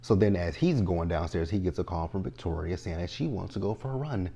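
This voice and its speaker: A young man giving a casual, animated recap of a TV episode, talking straight to the characters in exasperation. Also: sits low, a little fast, gravelly, a little hiss or hum. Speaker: TV show reviewer.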